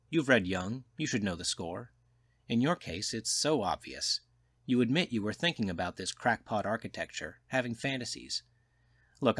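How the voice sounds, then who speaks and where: A man's voice: on the low side, fairly bright tone, dry recording. A man doing a wry, cynical journalist. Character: wry cynical male journalist, lecturing, worldly. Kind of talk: audiobook character voice.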